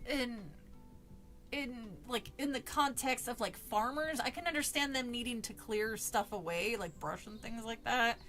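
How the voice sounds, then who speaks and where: A woman's voice: high-pitched, a bit bright. A woman who is a little drunk, chatting and swearing between passages as she reads a horror book aloud. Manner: chatty, swears, laughs often. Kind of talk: casual reading and commentary.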